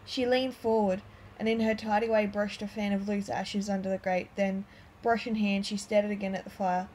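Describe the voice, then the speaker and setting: A woman calmly reading a storybook aloud as narrator. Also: medium pitch, moderate pace, slight background noise, rough recording. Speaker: audiobook reader.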